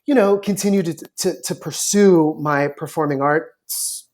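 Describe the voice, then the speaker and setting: A man, a talent manager, recounting his past in a relaxed podcast interview, acting out the people he quotes. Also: on the high side, unhurried. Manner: storytelling, animated quoting of others.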